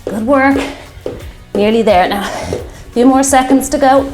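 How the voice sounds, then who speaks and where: A fairly high-voiced woman in her fifties coaches a workout class, calling out moves and cheering her class on. She sounds a little breathless at times. Her voice rings in an echoey room with music playing underneath. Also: measured pace. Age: 50s. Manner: encouraging, upbeat cues over exercise. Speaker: fitness instructor.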